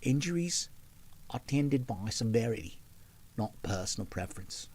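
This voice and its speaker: A man voicing a young Cockney flower-girl woman, reaching for a higher voice with a put-on Cockney accent. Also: big pitch swings, normal speed, darkish tone, slightly rough. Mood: prim. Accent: Cockney, imitated. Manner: strained high put-on voice.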